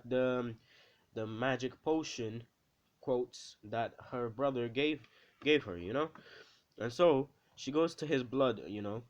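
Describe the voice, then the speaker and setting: A man casually retelling an anime fan story, rambling with fillers and quick asides to the listener. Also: medium pitch.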